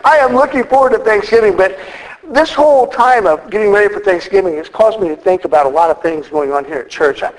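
A man's voice: very high voice, a bit bright, low-quality recording. A man preaching a sermon as the church's minister, folksy and joking.

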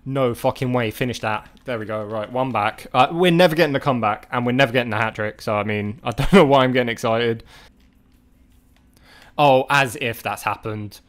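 A man giving live gameplay commentary to his chat, often exasperated and swearing in loud outbursts. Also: mid-range voice, brisk. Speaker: gaming video creator.

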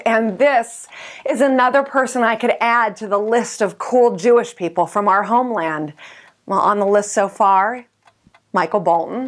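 A woman's voice: medium pitch, normal speed. A woman in her thirties hosting a scripted comedy monologue, playful and mock-dramatic with punchy delivery. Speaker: comedic host.

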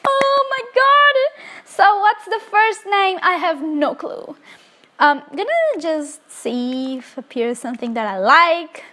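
A young woman with a high voice, whose first language is Korean, talks through a life-sim game. She speaks slowly, with lots of ums and uhs, and gushes over every moment. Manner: excitable, gushing, many fillers. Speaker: let's play host. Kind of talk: casual gameplay commentary.

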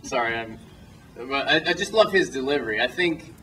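A young man, a filmmaker at a screening Q&A, answers questions from a small audience in a cinema auditorium. His mid-range voice is sharp, with lively intonation at normal speed, but he's far from the mic, with faint music behind and poor audio. He rambles through loose anecdotes, interrupts himself, restarts sentences and laughs often.

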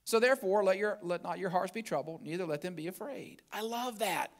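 A man preaching a sermon as pastor, quoting scripture and swinging from soft, low passages to loud, emphatic ones. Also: a little fast. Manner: scripture quoted aloud and picked apart.

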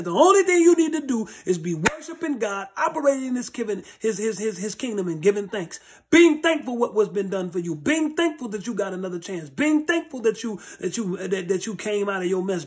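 A man's voice: high voice, breathy edge. A man leading an informal Bible study, preaching in blunt, street-level plain talk and repeating phrases for stress.

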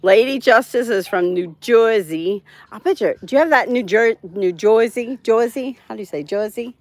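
Lively, laughing woman chatting with viewers. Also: on the high side, normal speed, no room sound. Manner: chatty and laughing, reads out chat. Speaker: livestream host. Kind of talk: casual chat with live viewers. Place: home in Florida.

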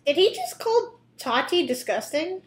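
A woman's voice: extremely high pitch, very animated, measured pace. Young woman rambling and giggling, reacting to clips, roomy echo. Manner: chatty, giggly, lots of fillers and restarts. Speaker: reaction video host. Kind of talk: casual reaction commentary.

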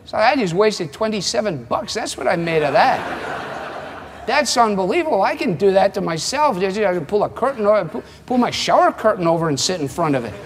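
This Scottish pastor in his 70s sounds animated and brisk, his high-pitched voice delivering a wry, conversational sermon in which he acts out quotes. The recording has long hall reverb and slight background noise.

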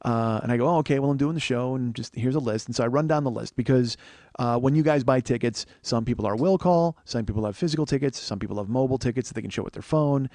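A man in his forties hosting a comedy podcast, telling stories in an animated, profane, ranting way. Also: mid-range voice, fast talker, dry recording. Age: 40s. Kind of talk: comic storytelling monologue.

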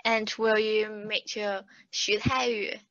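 A woman co-hosting a podcast in casual chat, measured and unhurried, prompting her partner with questions. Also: medium pitch, flat delivery, a bit bright, no echo. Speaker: podcast co-host. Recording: dull, dry lo-fi recording.

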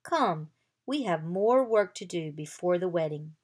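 A woman reading as a calm old bearded wizard. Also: fairly low pitch, unhurried.

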